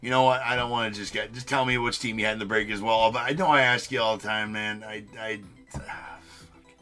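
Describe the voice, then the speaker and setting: Talking quickly over soft background music, a young host runs a live card break stream, loosely chatting with his audience. He makes jokes at himself, curses from time to time, and his pitch shoots up when he's excited.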